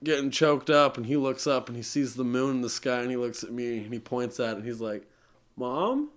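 A man's voice: mid-range voice, flat delivery, fast. A young man, a musician guest on a podcast, telling a long personal story in an earnest, rambling way with many fillers.

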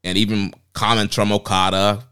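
A man co-hosting a podcast in relaxed, loose casual chat with plenty of fillers. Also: on the low side, moderate pace, clear, resonant tone. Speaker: podcast co-host.

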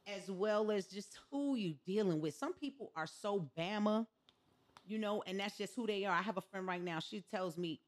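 A woman's voice: medium pitch, moderate pace. A woman hosting a podcast, talking casually and telling stories with quoted asides. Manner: conversational, animated storytelling with quoted asides. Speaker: podcast host. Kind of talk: casual chat.

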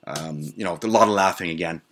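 A man's voice: deep voice, fairly quick, fairly bright tone, a little hiss or hum. A man hosting his own show, telling a personal story in a casual, rambling way full of swearing and side notes. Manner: profane, rambling asides. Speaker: podcast host.

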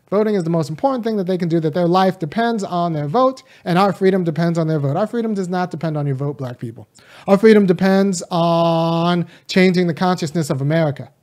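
A man's voice: sits high, darkish tone. A man from California who teaches college, speaking to camera in a casual political monologue. He talks with conviction, addresses his viewers directly and wanders into rambling asides.

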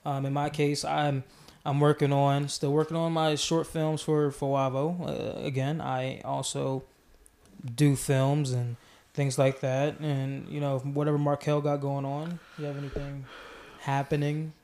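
Podcast host guy rambling along, lots of ums and restarts, kinda high voice. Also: little pitch movement, unhurried. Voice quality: mellow. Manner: rambling, many restarts and fillers. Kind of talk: casual podcast chat.

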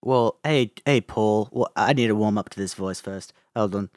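A man doing a slow, nasal impression of a famous 1960s rock singer. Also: lowish voice, steady tone, darkish tone, no echo, studio quality, pitched below the performer's own voice, close to an everyday voice. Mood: joking.

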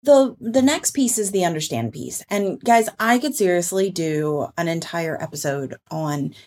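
A woman hosting a parenting podcast, explaining ideas in a casual, animated way. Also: lowish voice, normal speed. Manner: explanatory, animated, quotes people in put-on voices. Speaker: podcast host and parenting author.

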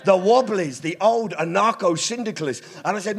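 A man doing stand-up at a live club gig, swearing often, shouting out to the crowd and riffing with hecklers. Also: high voice, animated, measured pace, vocal fry, hardly any pauses, background noise. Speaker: stand-up comedian. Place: live music club with audience.

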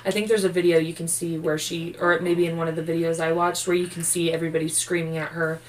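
A woman's voice: lowish voice, level tone, quick pace, far from the mic, low-quality recording. A sleepy woman co-hosting a true-crime podcast, narrating the case casually with swearing and jokes. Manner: profane, loose and joking while reading case notes. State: sleepy, yawning. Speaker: podcast co-host.

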